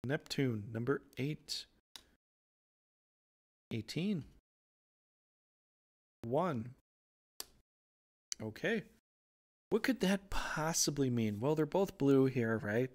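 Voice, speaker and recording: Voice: medium pitch, expressive, takes it slowly, pauses often. Playful rambling tarot reader. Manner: playful, rambling, goofy tangents. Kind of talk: casual tarot reading.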